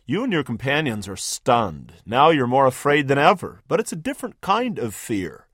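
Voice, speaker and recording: A man's voice: medium pitch, big pitch swings, normal speed, fairly bright tone, slightly rough, no echo, studio quality. A man hosting a radio sermon, narrating a story vividly in the second person with emphatic, scripted delivery. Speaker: radio preacher, host.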